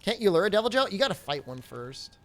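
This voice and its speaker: A man plays a video game on stream, joking and chatting casually while reading viewers' questions aloud. His high-pitched, slightly bright voice moves quickly with big pitch swings.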